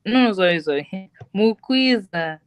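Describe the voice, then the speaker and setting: Slow, hesitant student. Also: mid-range voice, animated, clear, resonant tone, no echo. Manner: hesitant, corrects self.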